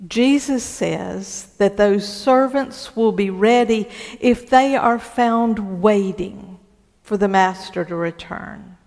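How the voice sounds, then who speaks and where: A woman pastor preaching a sermon in a church, speaking deliberately and often repeating words as she gathers her thoughts. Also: mid-range voice, a little mellow, long reverb tail.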